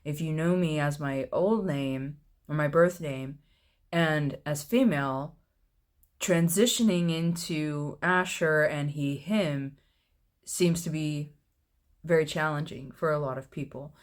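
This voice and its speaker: A man in his thirties, chatting casually to camera in a personal vlog, with a low, mellow voice, laughing often at himself. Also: slow pace. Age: 30s. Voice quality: low, mellow voice with little fluctuation. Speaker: vlogger.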